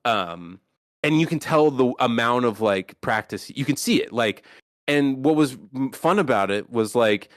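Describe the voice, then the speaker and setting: A man's voice: mid-range voice, lively intonation, measured pace, no echo, studio quality. A man hosting a podcast in casual chat, rambling and swearing, with many restarts. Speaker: podcast host.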